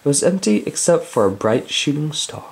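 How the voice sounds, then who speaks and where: A man's voice: fairly high pitch, very animated, fairly quick, creaky. A man casually reading a children's book aloud, breaking off into chatty, joking asides. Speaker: reader.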